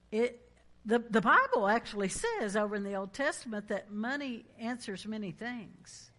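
A woman with a fairly high pitch and fairly bright tone preaches in an emphatic, conversational way. She reads scripture and prompts the congregation to respond.

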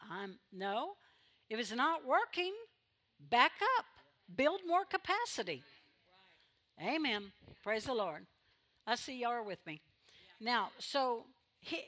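Woman pastor, fairly high and bright, fervent sermon delivery with loud exhortations. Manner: emphatic preaching with sudden loud exhortations and quick asides. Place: church sanctuary.

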